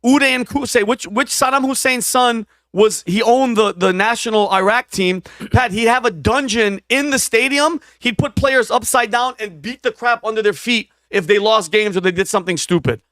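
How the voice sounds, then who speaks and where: A man's voice: high voice, moderate pace, few pauses, fairly bright tone, dry recording. A man co-hosting a podcast, talking emphatically and repeating his points. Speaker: podcast co-host. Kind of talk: podcast discussion.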